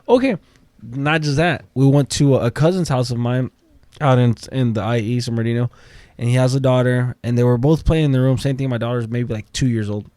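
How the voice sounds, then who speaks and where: A man's voice: medium pitch, a little fast, dark tone, dry recording. A man guest on a podcast, telling a story casually and acting out the quotes, with swearing.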